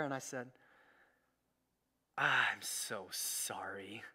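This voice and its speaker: High-voiced man preaching with emphatic repetition. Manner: emphatic preaching with repeated phrases, swinging between loud and hushed; conversational, self-deprecating asides. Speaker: pastor. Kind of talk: sermon.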